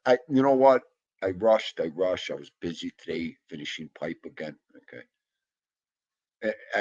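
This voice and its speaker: A man's voice: low voice, warm tone. A man hosting a casual live stream from home, rambling to viewers in the comments and to his dog. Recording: dull lo-fi home stream audio.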